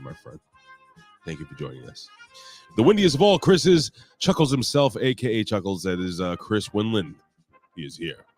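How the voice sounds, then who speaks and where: Brief: hoarse male podcast host, very low voice, lively swings in pitch, foul-mouthed rambling. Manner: profane, rambling, joking. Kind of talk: casual wrestling review chat.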